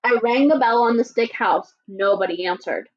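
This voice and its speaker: A woman teacher voicing a sly, chatty male wolf as she reads a storybook aloud in a lively, playfully indignant way. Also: on the high side, normal speed, close to an everyday voice. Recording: dull lo-fi recording.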